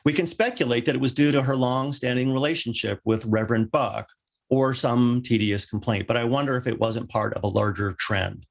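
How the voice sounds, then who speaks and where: A male minister delivering a sermon, with wry joking asides and lively rising emphasis. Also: medium pitch, fairly quick, creaky.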